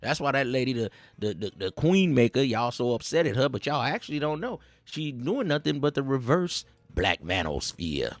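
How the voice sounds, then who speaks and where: A man hosting a livestream, ranting in casual street slang, preachy and animated, with frequent repeats. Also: medium pitch, normal speed, few pauses, soft background music. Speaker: livestream host.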